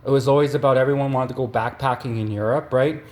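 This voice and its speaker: A man from Canada doing a rambling, deadpan satirical comedy monologue, full of fillers and restarts. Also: medium pitch, fast.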